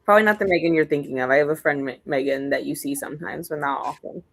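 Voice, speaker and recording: A young woman with a somewhat low voice hosts a relaxed reading livestream. She chats casually and greets viewers by name one after another, with an easy, conversational flow. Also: fast talker, creaky. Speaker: readathon livestream host.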